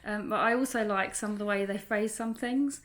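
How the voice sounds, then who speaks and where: A woman co-hosting a casual home vlog, chatting warmly with many fillers and restarts and laughing often. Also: mid-range voice, fairly even intonation, brisk. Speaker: vlog co-host. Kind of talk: casual chat. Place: home in rural France.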